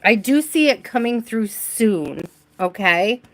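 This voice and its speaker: The live-stream tarot reading continues in her home reading space, where she giggles and chats with her viewers and with spirit despite a case of hiccups. She takes it slowly, her mid-range voice expressive.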